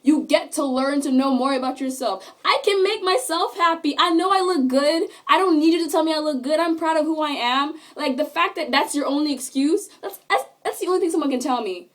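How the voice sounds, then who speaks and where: A young woman in her late teens, a high school student, delivering an emphatic, indignant vlog rant into a phone camera and repeating herself for emphasis. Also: a little fast, few pauses.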